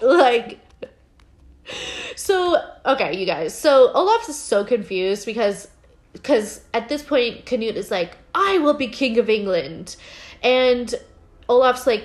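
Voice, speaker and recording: A woman with a fairly high voice chats through a show recap, leaning on fillers and slipping into quick voices for each character. Her telling is loose and animated, a co-host's casual rundown. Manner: animated, filler-heavy, acts out characters' lines. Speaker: podcast co-host. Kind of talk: casual episode recap chat.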